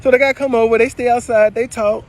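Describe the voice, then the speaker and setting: A man casually telling viewers a story, animated and swearing freely, swinging between loud and low. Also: quick pace, slight background noise. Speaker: spiritual video creator.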